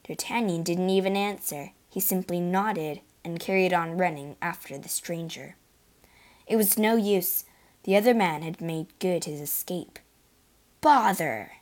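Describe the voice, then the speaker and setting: A woman narrating a children's adventure storybook in a clear, steady reading voice. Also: fairly low pitch, measured pace.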